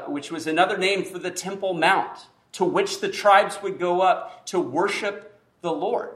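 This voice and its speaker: A man preaching a sermon, with emphatic pauses and frequent restarts. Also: a little high, fairly bright tone. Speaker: pastor.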